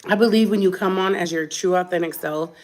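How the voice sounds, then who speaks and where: A woman's voice: on the low side, a little fast, a little mellow. A tired woman vlogger and mother, talking straight to camera in a blunt, defiant, chatty way. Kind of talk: unscripted direct-to-camera rant.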